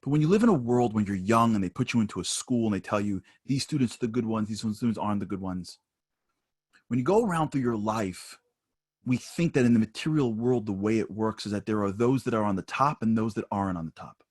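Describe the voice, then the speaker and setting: A man giving a spoken lesson at an online seminar, telling personal stories and growing higher and louder as he gets animated. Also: quick pace, breathy edge, no room sound, clean studio sound. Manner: storytelling, rising higher and louder when animated.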